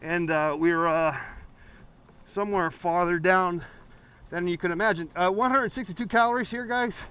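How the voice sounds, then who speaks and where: Man, painting show host, high voice, rambling, playful, live call-in. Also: steady tone, normal speed, a bit bright, clear, resonant tone. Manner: rambling, playful, many fillers and restarts.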